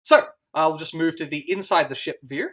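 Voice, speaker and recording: A game master runs a tabletop game in a mid-pitched voice. The speech rambles, with restarts and laughter. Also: normal speed, fairly bright tone.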